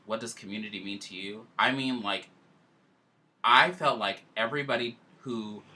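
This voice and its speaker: A man hosting a casual chat, telling a story in an animated, emotional way. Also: fairly low pitch.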